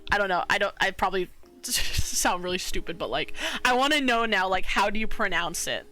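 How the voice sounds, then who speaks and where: A woman's voice: mid-range voice, animated, fairly quick, sharp tone, soft background music. A young woman streaming while she draws, chatting casually in a bubbly, giggly way and sometimes muttering to herself.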